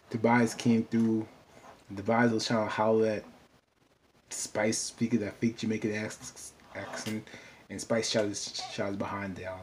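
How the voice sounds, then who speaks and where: A man with a fairly low voice talks through a TV episode in a relaxed, rambling way. He leans on "you know" and loose asides. A faint hum of noise sits under his voice. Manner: chatty, loose, full of "you know" fillers. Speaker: TV episode recapper. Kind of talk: casual rambling recap.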